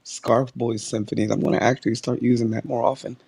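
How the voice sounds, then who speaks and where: An excitable man co-hosting a casual podcast, his voice sitting at an ordinary pitch. He talks emphatically, circling back over his words, and the recording sounds dry and close. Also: fairly quick, vocal fry, slightly rough, dry recording, soft background music. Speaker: podcast co-host. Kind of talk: casual chat.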